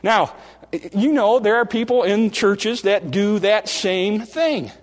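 High-voiced folksy preacher in a reverberant church. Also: male voice. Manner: folksy, animated preaching with restarts and dramatic slowdowns. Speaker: pastor. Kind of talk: sermon. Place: church sanctuary. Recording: long reverb of a large hall.

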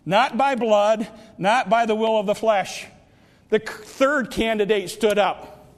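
A preacher with a high voice tells a story in his sermon, stumbling over repeated words and restarts. His voice carries with a long reverb through the church hall. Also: a little slow.

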